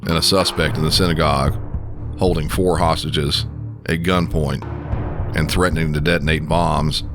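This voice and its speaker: Very deep-voiced man narrating. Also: level tone, over music. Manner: measured, serious. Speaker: podcast host, dispatcher. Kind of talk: scripted narration.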